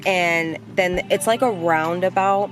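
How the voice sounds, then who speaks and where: A young adult woman vlogger telling a personal story in a casual, animated way, blunt and quick to swear. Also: fairly low pitch, faint music behind.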